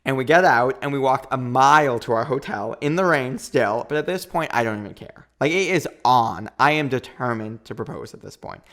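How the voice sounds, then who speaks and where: In a relaxed interview setting, a podcast guest in his thirties spins an extended tale. He speaks fast and animatedly in a mid-range voice, voicing other people's words as if playing their parts.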